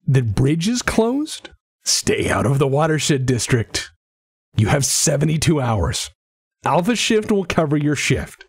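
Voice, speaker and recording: A man's voice: on the high side, big pitch swings, measured pace, slightly rough, dry recording, clean studio sound, heavily acted. A man voicing a stern, tough female police captain in a tabletop game, giving curt, tired orders. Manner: curt, weary commands.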